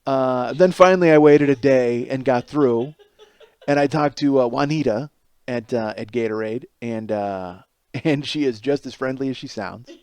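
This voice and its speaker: A man's voice: mid-range voice, normal speed, darkish tone, clear, resonant tone, dry recording. A man in his forties hosting a solo comedy podcast, ranting in disbelief and rambling through a story with plenty of profanity. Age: 40s. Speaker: podcast host.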